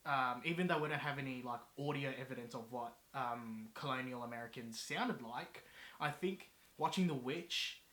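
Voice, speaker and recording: Brief: halting man guest in a movie chat, bright voice, echoey room. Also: medium pitch. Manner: hesitant, many ums, restarts sentences. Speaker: guest reviewer. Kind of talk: casual movie review chat.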